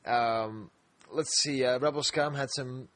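A man's voice: medium pitch, steady tone, a little slow, fairly bright tone, dry recording. A man co-hosting a casual podcast chat. He rambles, laughs often and restarts his sentences. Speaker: podcast co-host.

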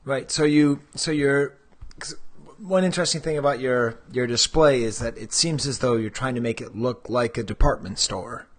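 A man hosting a podcast, asking casual questions in a relaxed, slightly hesitant way. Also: mid-range voice, moderate pace. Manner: relaxed, hesitant, brief backchannels. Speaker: podcast host. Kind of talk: casual interview chat.

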